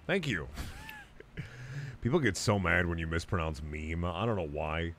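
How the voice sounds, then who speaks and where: Lively, low-voiced joking gamer guy. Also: unhurried. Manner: crude, joking banter with chat; muttered asides while playing. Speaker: game streamer. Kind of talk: casual gaming stream commentary.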